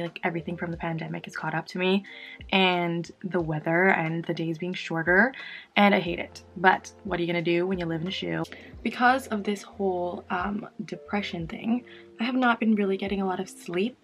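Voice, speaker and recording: A young woman from Canada chatting casually to camera while doing her makeup, animated and sometimes mocking. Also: mid-range voice. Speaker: beauty vlogger. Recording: faint music behind.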